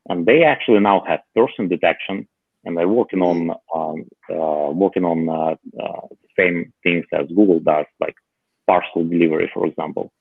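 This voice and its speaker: A man with a very low voice and a rough, gravelly edge chats about gadgets, stumbling through fillers and restarts. The line is thin and phone-like, with a dry, close sound. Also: no echo. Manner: halting, many fillers. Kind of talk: casual tech chat.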